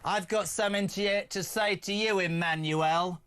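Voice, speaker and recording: A man's voice: sits high, steady tone, moderate pace, fairly bright tone, smooth. A man delivering a theatrical, mock-indignant rant as a TV presenter.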